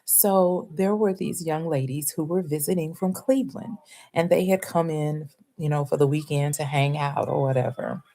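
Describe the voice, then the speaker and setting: Animated laughing woman, slightly low voice. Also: moderate pace. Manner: animated, laughs often, acts out quoted voices. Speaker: vlogger telling a story to live chat. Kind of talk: casual storytelling chat.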